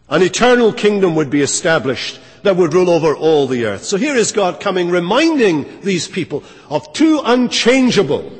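A man's voice: high voice, breathy edge. A man preaching a sermon as a pastor, earnest and emphatic, repeating key phrases for weight. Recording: long reverb of a church hall.

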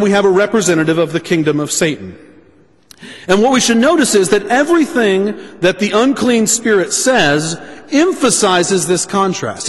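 A man preaching a sermon, speaking deliberately and restating his points for emphasis. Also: sits high, long reverb tail.

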